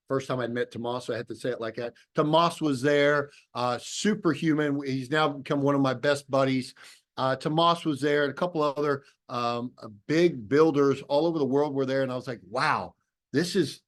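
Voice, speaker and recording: Middle-aged guy on a video call, fairly high voice, acting out both sides of phone calls in his story. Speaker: speaker telling his story.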